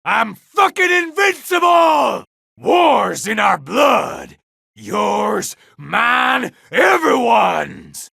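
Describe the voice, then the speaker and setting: An actor playing a brutal, bloodthirsty male villain boss, shouting gleeful battle taunts for a video game. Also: extremely high pitch, very animated, drawn-out words, vocal fry, breathy edge, dry recording, clean studio sound, exaggerated voice. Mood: gloating. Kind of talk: video game combat barks.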